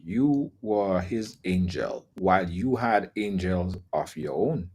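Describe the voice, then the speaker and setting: A man's voice: low voice, expressive, slow, a little mellow, husky. A man hosting an interview show, affirming his guest with sympathetic interjections. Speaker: host.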